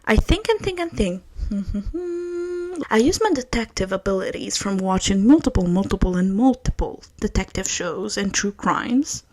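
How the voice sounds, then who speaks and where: A young woman, hosting her own podcast and telling a story in casual chat, swinging from loud outbursts to hushed asides. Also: medium pitch, expressive, measured pace. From Quebec, Canada. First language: French. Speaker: podcast host.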